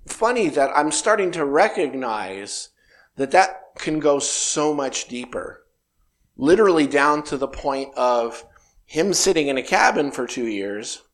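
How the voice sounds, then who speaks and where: Reflective man in his fifties. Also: fairly high pitch. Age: 50s. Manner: meandering, reflective, acts out dialogue. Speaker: spiritual speaker. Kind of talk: reflective spiritual talk.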